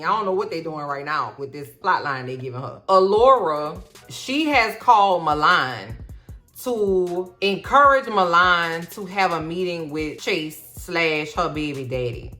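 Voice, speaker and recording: A woman doing a casual, comedic TV episode recap in a sassy, animated way, full of slang and playful asides. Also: low voice, normal speed, faint music behind. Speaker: TV recap host.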